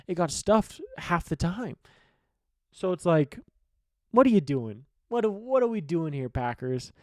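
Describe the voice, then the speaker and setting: A man with a slightly high voice chats about football in a loose, rambling way, throwing in casual swearing and strong opinions. The sound is dry and close, with no room echo. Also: big pitch swings, measured pace. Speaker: sports betting podcast host. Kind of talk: casual sports talk.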